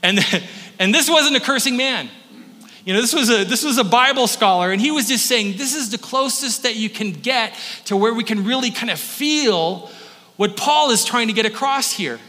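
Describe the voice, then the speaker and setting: A pastor with a high voice delivers a conversational sermon in a church sanctuary. His voice is bright and forward. He often restarts his sentences. A long hall reverb trails each phrase. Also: lively intonation, normal speed. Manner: casual teaching tone with frequent restarts.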